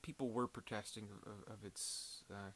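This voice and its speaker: Rambling low-voiced man reviewing a film. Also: steady tone, moderate pace, fairly bright tone, a little hiss or hum. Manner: rambling, full of fillers and restarts. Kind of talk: casual video review.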